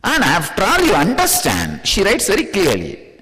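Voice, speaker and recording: An Indian-accented man teaching a spiritual discourse in a high voice that swoops up and down as he talks. He teases his listeners with rhetorical questions and laughs often. His voice trails off into a long hall reverb. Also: wildly swooping pitch, normal speed, pushed and bright, soft background music.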